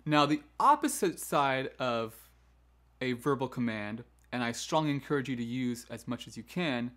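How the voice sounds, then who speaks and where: A man's voice: mid-range voice, lively intonation, normal speed, fairly bright tone. A man hosting a choral education lesson, explaining classroom management in a conversational way and acting out firm teacher commands. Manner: demonstrates teacher commands in a firm, downward-inflected voice; conversational, with frequent "right?" asides and restarts. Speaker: choral music education host. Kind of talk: instructional talk on classroom management.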